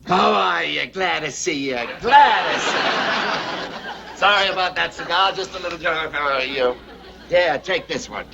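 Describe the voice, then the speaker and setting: A barking, efficiency-mad bald boss. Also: male voice, fairly high pitch, moderate pace, creaky, crowd noise. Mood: jovial. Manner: barks orders, rattles off repeated words. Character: brash, efficiency-obsessed bald male bank executive. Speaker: bank efficiency expert. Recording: muffled old TV soundtrack with hiss.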